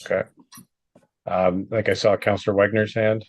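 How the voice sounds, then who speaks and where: A man's voice: fairly low pitch, little pitch movement, normal speed, dry recording. A man chairing a council meeting, easygoing, with stammering restarts. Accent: Canadian.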